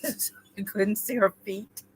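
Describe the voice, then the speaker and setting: A woman co-hosting a casual chat between friends, telling animated stories and addressing listeners casually. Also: medium pitch, a little slow, a little hiss or hum, poor audio. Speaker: co-host.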